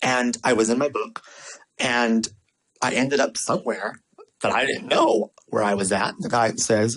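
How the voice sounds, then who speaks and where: Animated, sassy vlogger with lively pitch. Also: normal speed, a little hiss or hum, low-quality recording. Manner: acts out quoted voices with big pitch swings. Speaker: vlogger and small business owner. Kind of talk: casual storytelling and marketing tips.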